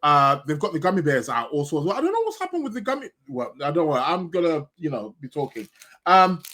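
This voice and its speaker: A man's voice: a little high, sing-song, quick pace, fairly bright tone. A man hosting an astrology podcast live stream in a casual, rambling chat, greeting viewers by name and munching snacks as he talks.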